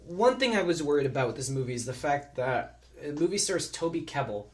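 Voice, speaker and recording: A man's voice: fairly high pitch, fairly quick, reverberant. Guy doing a loose movie review, voice bouncing all over, joking around. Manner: jokey, rambling, animated. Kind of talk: casual review chat.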